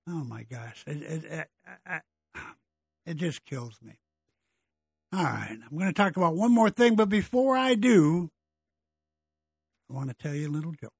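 Husky, exasperated middle-aged man ranting. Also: fairly high pitch, lively intonation, moderate pace, dry recording, faint music behind. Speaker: political commentary host. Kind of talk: opinionated political monologue.

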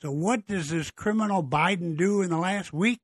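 A man's voice: sits high, moderate pace, husky, dry recording. A middle-aged man hosting a blunt, exasperated political monologue, ranting about government and politicians. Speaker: political commentary host.

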